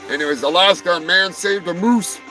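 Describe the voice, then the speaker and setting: Guy ranting through weird animal news, cussing a lot, high bright voice, faint music behind. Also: fairly quick, low-quality recording. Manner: rambling, profane, jokey asides; swings between loud outbursts and muttered asides. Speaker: live stream host reading animal news. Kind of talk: profane comedic news rant.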